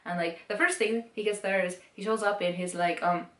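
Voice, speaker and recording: Young woman, low-ish voice, quick rambling vlog talk, self-conscious; recorded a little off-mic in an echoey room. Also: fairly even intonation, recorded from a distance. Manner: rambling, self-conscious, chatty with frequent fillers. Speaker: vlogger answering typing questions. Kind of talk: rambling casual monologue to camera.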